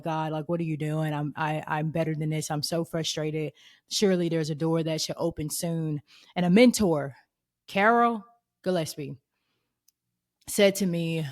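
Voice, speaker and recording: A woman in her thirties hosting a faith podcast, telling a personal story in an earnest, expressive way and acting out the voices in it. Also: lowish voice. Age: 30s. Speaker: podcast host.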